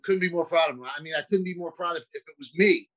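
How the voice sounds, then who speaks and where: Male broadcaster guest, slightly high voice, loose and self-mocking, frequent restarts. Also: fast talker, fairly bright tone, rough recording. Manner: self-deprecating, chatty with restarts. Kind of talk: casual interview chat.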